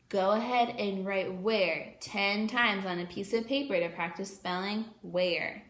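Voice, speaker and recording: A woman teacher giving an online lesson to young children, slowly and clearly sounding out letters and words. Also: medium pitch, fairly even intonation, fairly bright tone, roomy sound.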